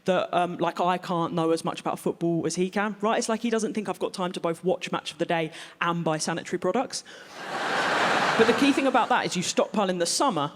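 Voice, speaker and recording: A woman's voice: fairly low pitch, fairly quick, in a large hall, very noisy. A woman doing blunt, wry observational stand-up comedy on a large theatre stage. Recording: live theatre with loud audience.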